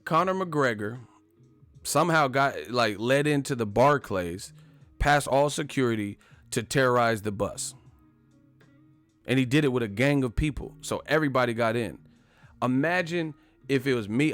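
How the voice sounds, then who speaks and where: Man, live-stream host, casual profane chat, animated retelling, medium pitch, faint background music. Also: moderate pace. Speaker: boxing channel host.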